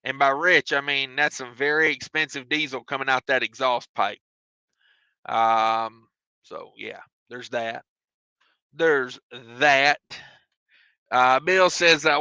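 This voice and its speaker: A man's voice: mid-range voice, slow pace, gravelly, bright, forceful tone, clear, resonant tone, no echo, low-quality recording. A man, a trucker chatting on his live stream from his truck cab and reading out viewer comments with jokes. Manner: drawling, joking, self-mocking.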